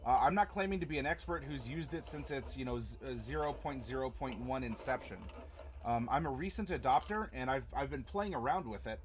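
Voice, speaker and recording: A man's voice: medium pitch, fairly quick, a little hiss or hum. A young man hosting a live stream as game master, chatting casually and rambling with many fillers and restarts.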